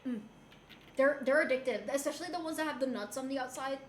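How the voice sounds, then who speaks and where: A woman's voice: sits high, fast. A woman from Rico, chatting casually with her stream viewers and laughing often as she switches between English and Spanish. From Puerto Rico. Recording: roomy with faint background noise.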